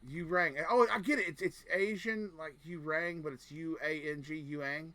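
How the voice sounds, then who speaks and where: A man's voice: a little high, moderate pace, bright, forceful tone, no echo. A man streaming a game, chatting casually in a rambling, joking and crude way. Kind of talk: casual gaming chat.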